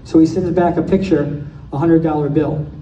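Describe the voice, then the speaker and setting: A man's voice: on the high side, steady tone, normal speed, mellow, highs cut off, slight background noise. A man giving a joke-filled roast speech at a birthday party, firing off one-liner punchlines. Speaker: speaker giving a birthday toast. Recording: echoey hall, mic from far off.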